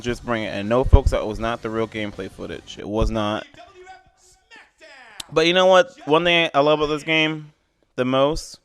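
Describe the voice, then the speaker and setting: A man's voice: medium pitch, a bit bright. Rambling, opinionated male game reviewer. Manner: rambling, full of "I mean" and "like"; blunt and opinionated. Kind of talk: casual game review voice-over.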